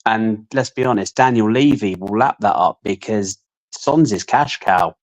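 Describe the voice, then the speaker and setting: Low-voiced man giving opinionated takes. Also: low-quality recording. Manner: long opinionated monologues, measured. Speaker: podcast co-host. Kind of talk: casual fan stream chat.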